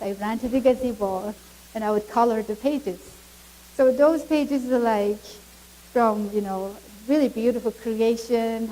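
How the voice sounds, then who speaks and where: A middle-aged woman from Mongolia with a Mongolian accent, giving a church testimony as an animated storyteller who laughs often. English is not her first language. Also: on the high side, poor audio. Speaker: guest speaker.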